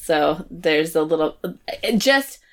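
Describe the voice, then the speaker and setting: A woman's voice: sits low, animated, takes it slowly. A woman co-hosting a casual podcast, giggly and hesitant, with many fillers. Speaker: podcast co-host.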